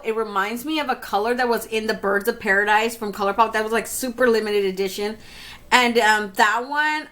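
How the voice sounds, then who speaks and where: A chatty woman with a fairly high voice walks through a makeup review as a beauty vlogger. She keeps turning to her viewers in a casual way and laughs easily at herself. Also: fairly bright tone. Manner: chatty, keeps talking to viewers as "you guys".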